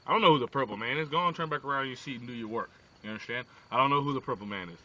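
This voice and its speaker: A man voicing a cool, sulky teenage boy who mumbles in a low, dismissive voice, on a distant lo-fi phone video. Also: racing, bright, forceful tone.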